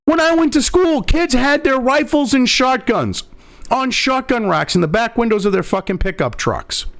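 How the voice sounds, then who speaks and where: A man's voice: extremely high pitch, expressive, moderate pace, fairly bright tone. A male host delivering a profane, angry political commentary rant full of sarcasm. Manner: angry, sarcastic, swears constantly.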